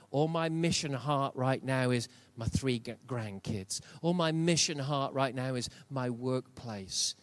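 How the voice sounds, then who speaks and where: A man's voice: medium pitch, no echo. An older man preaching a sermon in church, emphatic and repeating key phrases for stress. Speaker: pastor.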